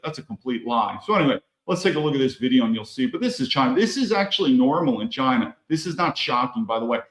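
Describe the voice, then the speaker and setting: A man giving emphatic political commentary while playing video clips, repeating his key phrases for stress. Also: mid-range voice. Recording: echoey room.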